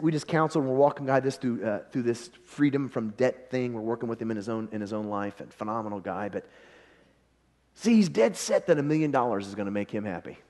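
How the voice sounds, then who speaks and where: A man preaching a revival sermon in a church, conversational and animated, often acting out the people in his story. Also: mid-range voice. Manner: animated, conversational, acts out quoted voices.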